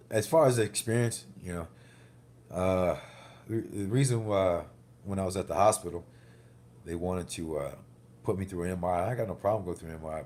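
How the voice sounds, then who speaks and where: Man, casual vlogger, bruised after a wreck; deep voice, swearing, heated storytelling. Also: a little mellow, a little hiss or hum. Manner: rambling, profane, heated storytelling. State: recovering from a car wreck, banged up. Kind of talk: casual vlog monologue.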